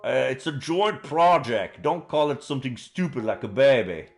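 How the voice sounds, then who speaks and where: A man's voice: medium pitch, sing-song, moderate pace, vocal fry, faint music behind, pitched above the performer's own voice. A man voicing an earnest, easily flustered young man with a put-on Southern accent, reading a visual novel aloud. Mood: gruff.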